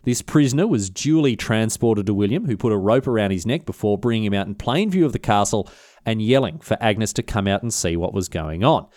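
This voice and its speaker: A man's voice: on the low side, lively intonation, fairly quick, darkish tone, dry recording, clean studio sound. A man, hosting a history podcast, telling the story in an irreverent, slangy way with casual swearing.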